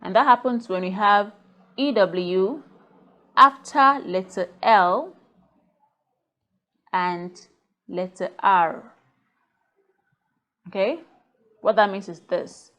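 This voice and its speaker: Very slow, deliberate woman teaching pronunciation. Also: mid-range voice, fairly bright tone, highs cut off. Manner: drills minimal pairs, checks understanding with "Okay?" and "Clear?". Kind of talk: slow, deliberate phonics lesson.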